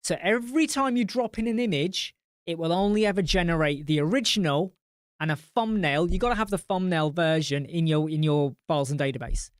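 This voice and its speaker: A man's voice: on the high side, fairly quick, no echo, studio quality. A man hosting a live-stream chat, swearing bluntly as he tells client stories and answers viewer comments. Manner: blunt and profane. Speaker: host.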